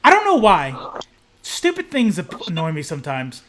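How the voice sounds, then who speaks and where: A young man co-hosting a casual live stream, animated and rambling, swearing freely. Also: a little high, moderate pace, a little hiss or hum. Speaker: co-host of a comics podcast.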